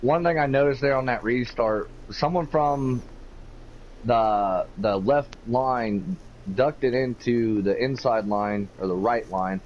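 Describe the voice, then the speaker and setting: A man's voice: mid-range voice, slow. A man co-commentating an online racing league in a casual, hesitant way with lots of fillers. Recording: dull lo-fi mic with faint hiss.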